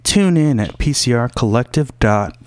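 Brief: profane male podcast host, smooth voice, dry close mic. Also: mid-range voice, animated, normal speed, no echo. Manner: crude, profane, meandering. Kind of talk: rambling casual monologue.

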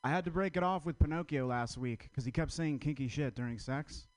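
A man doing stand-up at an open mic, delivering dry, quick one-liners. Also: a little high, darkish tone, no room sound. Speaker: stand-up comedian.

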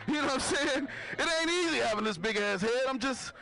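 A man's voice: very high voice, animated, a little fast, vocal fry, sharp tone, a little hiss or hum. A man performing a stand-up comedy set on a club stage, talking loosely to the crowd and laughing at his own jokes. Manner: loose, conversational, keeps asking the crowd to clap. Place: comedy club stage before a live audience.

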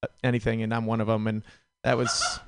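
A man's voice: on the low side, completely flat delivery, fast talker, a little hiss or hum. A man from Rhode Island doing a rambling stand-up set on a club stage, full of fillers. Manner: rambling, filler-heavy delivery. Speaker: stand-up comedian.

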